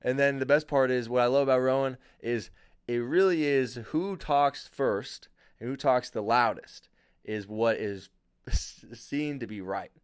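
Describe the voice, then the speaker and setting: A man's voice: mid-range voice, unhurried, clear, resonant tone, dry recording, clean studio sound. A young man hosting a casual solo podcast, ranting sarcastically and swearing freely. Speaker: podcast host.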